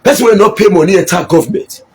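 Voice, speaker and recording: A middle-aged Nigerian man with a high, husky voice delivers a fiery political address. He slides between Pidgin and English and hammers his points home by repeating them. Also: expressive, quick pace, a little mellow. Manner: impassioned, mixes Pidgin and English, repeats for emphasis. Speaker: local politician. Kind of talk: political speech.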